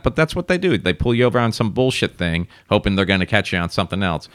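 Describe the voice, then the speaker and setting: A man's voice: on the low side, very animated, quick pace, no room sound, studio quality. A man from South Florida, co-hosting a podcast, telling a rambling and profane story in casual chat. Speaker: podcast co-host.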